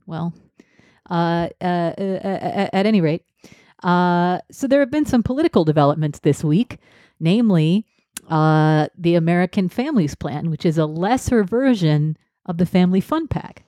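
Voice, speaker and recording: A woman's voice: lowish voice, lively intonation, moderate pace, dark tone, no echo. A woman co-hosting a casual podcast, talking in a dry, self-deprecating way with lots of "uh" fillers. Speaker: podcast co-host.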